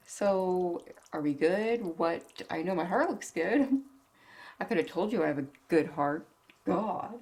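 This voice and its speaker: Low, gravelly-voiced sick woman vlogger. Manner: blunt, cussing, laughs often. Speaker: cooking vlogger. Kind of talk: casual chat while cooking.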